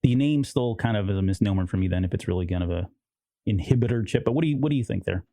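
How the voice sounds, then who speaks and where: A man's voice: lowish voice, expressive, fast, warm tone, no echo. A man co-hosting a podcast, rambling casually and often quoting characters in little voices. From United States. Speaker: podcast co-host. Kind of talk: casual chat.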